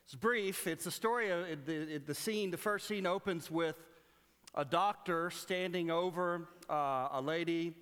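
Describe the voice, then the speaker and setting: A man preaching a sermon in a church, retelling a story with quoted dialogue and halting restarts. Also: on the high side, a bit bright, clean tone, in a large hall. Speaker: pastor.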